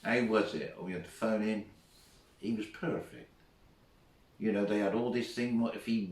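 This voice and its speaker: A middle-aged man recalling old school stories in a chatty, laughing way. He keeps his voice at an ordinary middle pitch. The sound is roomy and comes from some distance away from the mic. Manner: chatty, laughs often while telling anecdotes. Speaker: former teacher, guest. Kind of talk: casual storytelling.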